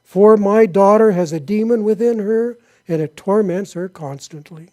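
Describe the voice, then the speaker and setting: Man, pastor, sermon, high voice, mellow tone, reads scripture aloud. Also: normal speed. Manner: reads Bible passages aloud, then asks the congregation questions.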